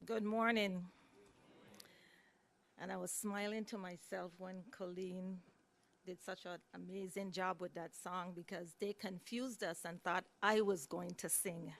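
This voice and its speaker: A woman's voice: mid-range voice, gravelly. A woman, giving an earnest, lightly humorous introduction speech at a courtroom podium. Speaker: speaker introducing a judge. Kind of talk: ceremonial speech. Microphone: podium microphone.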